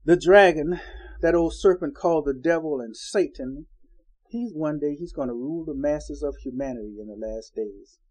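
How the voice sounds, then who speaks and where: A man's voice: a little high, normal speed, a little mellow, low-quality recording. A man preaching an informal Bible-study sermon in a folksy, conversational way, acting out the people he quotes.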